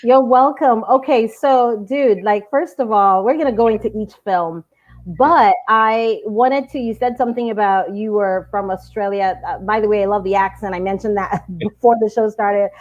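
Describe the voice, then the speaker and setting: A woman's voice: mid-range voice, moderate pace, muffled recording. A woman hosting a live online interview, bubbly and enthusiastic, laughing often. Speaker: host.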